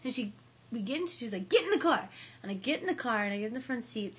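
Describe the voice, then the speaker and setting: A young woman telling a party story in casual chat, animated, with slangy, profane talk. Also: on the high side, very fast, breathy edge.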